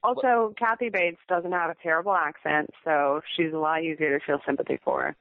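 A man's voice: fairly high pitch, fairly even intonation, brisk, gravelly, no room sound. Male podcast co-host, light voice, matter-of-fact, heard over a thin phone line. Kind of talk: casual recap chat. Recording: tinny phone-like line, dry.

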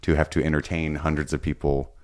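A man with an extremely low, deep voice talks through a TV episode on a podcast. He is casual and unhurried, wandering through his thoughts with fillers and the odd swear word. It sounds like easygoing chat among friends. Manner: relaxed, rambling, with frequent fillers and casual swearing. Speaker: podcast co-host recapping episodes.

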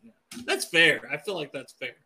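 Very bright-voiced male podcast host. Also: fairly high pitch, expressive, vocal fry. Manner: candid, swearing, quick to laugh. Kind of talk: casual chat.

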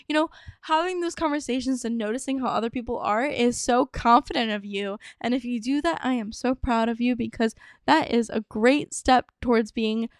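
A woman's voice: fairly high pitch, fairly quick, smooth, dry recording, studio quality. A young woman in her twenties hosting a solo podcast, chatty and bubbly, with lots of casual fillers. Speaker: podcast host.

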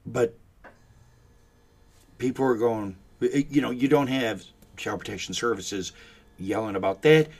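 A man's voice: medium pitch, unhurried, pauses often, darkish tone. A man giving ranting commentary in a sarcastic, mocking manner.

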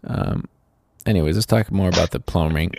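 A man's voice: deep voice, a little fast, vocal fry, a little mellow, dry recording. A man co-hosting a podcast, rambling casually with lots of fillers and goofy asides. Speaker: podcast co-host. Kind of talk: casual chat.

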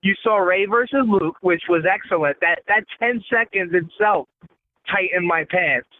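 A man calling in to a podcast from his car, enthusiastic and quick with opinions. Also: high voice. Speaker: podcast co-host. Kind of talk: casual chat. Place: driving a car. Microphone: phone call. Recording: tinny phone line with road noise.

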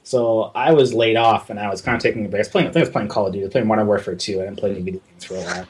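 A man from Southern California, a game artist guest, telling a story in a relaxed, casual way and swearing freely. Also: on the low side, racing, breathy edge. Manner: relaxed, swears freely, acts out voices in anecdotes.

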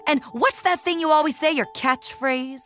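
A woman's voice: high-pitched, moderate pace, a bit bright, soft background music. A woman hosting a playful kids' game show in an upbeat, bouncy manner.

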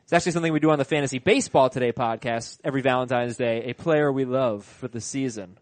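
A man's voice: mid-range voice, quick pace, no echo. A man hosting a sports podcast in a casual, jokey way, teasing his co-hosts. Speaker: podcast host.

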